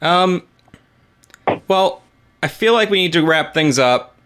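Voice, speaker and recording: Slightly high-voiced male host, relaxed. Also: takes it slowly, clean tone. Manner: relaxed and loose, wrapping up with fillers. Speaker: interview host. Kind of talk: casual conversational interview.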